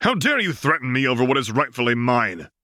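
A man voicing an enraged slave master who yells and screams in fury. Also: mid-range voice, big pitch swings, fairly quick, dry recording, studio quality, voice pushed up. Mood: outraged. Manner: yelling, screaming with spite. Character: enraged tyrant slave master, male, furious.

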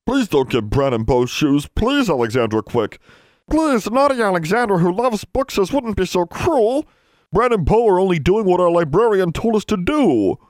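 A man's voice: high-pitched, big pitch swings, moderate pace, a little mellow, no echo, pitched above the performer's own voice. A man voicing small, timid library elves who squeal and wail in broken grammar. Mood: frightened pleading.

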